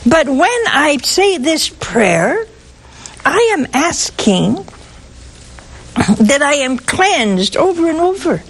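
A woman's voice: high voice, very animated, takes it slowly, long pauses, poor audio. A woman giving a sermon, telling stories with humor and asking her listeners rhetorical questions. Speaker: preacher.

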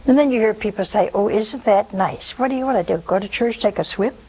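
With a high-ish, darkish voice and a fast delivery, a woman preaches and takes calls on a religious call-in program. The low-quality recording has a little hiss or hum, and she hammers her points with repetition and scornful remarks.

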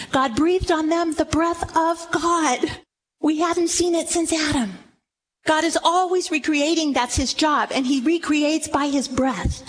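Woman, Bible teaching, high-pitched, reads verses aloud, slow emphatic phrasing. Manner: reads scripture aloud and dwells on key phrases, slowing for emphasis.

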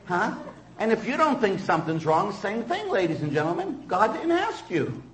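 A man, a priest, preaching a sermon in an animated way, full of rhetorical questions and quick asides. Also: sits high, slight background noise, low-quality recording. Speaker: Catholic priest.

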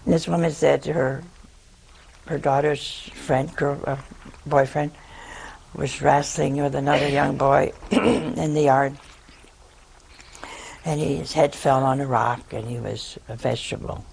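Older woman, a nun, spinning unhurried self-mocking anecdotes in a gravelly voice. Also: low-pitched, fairly even intonation, darkish tone, a little hiss or hum. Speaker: nun giving a talk. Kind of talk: humorous storytelling talk.

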